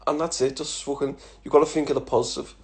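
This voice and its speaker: This Liverpool-accented man in his thirties has a fairly high, darkish voice and a flat delivery at a quick pace. He fields follower questions in a casual, blunt chat full of laughter and heavy swearing.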